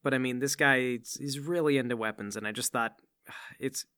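A man at a tabletop game talks in a bright, forceful voice. He lays out schemes briskly and keeps the plan moving. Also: medium pitch, smooth. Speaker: player.

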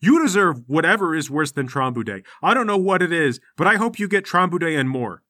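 A man's voice: on the high side, very animated, fairly quick, sharp tone, no room sound, heavily acted. A man voicing a bitter young woman who speaks coldly and scornfully. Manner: cold, scornful.

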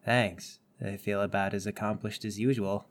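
A man's voice: lowish voice, level tone, moderate pace. A man running a tabletop game as game master, with dry, wry remarks. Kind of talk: tabletop game narration and banter.

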